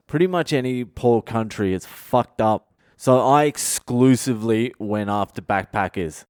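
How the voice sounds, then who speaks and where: A man with a low, smooth, resonant voice tells his own stories on a solo podcast, swearing freely and speaking bluntly as he rambles from one anecdote to the next. The sound is close and dry, with no room echo. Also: darkish tone. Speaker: podcast host, comedian. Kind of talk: solo confessional podcast storytelling.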